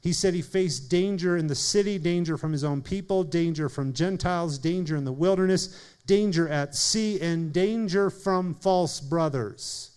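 A man preaching a sermon in an earnest way, speeding up and slowing down for emphasis and calling on listeners by name. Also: a little high, a little mellow, smooth. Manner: earnest preaching, shifting pace and volume for emphasis. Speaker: pastor.

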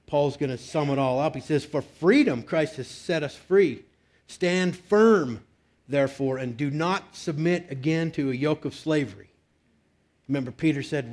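A man's voice: mid-range voice, a little mellow. A man preaching a conversational sermon, reading scripture and breaking into emphatic bursts. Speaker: pastor.

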